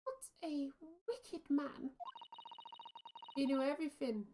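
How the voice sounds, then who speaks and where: A woman's voice: high voice, big pitch swings, slow pace, noisy background, heavily acted. A woman voicing a frightened young working-class female witness in a put-on Irish accent, hesitant and nervous. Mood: defiant. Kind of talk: game dialogue read aloud.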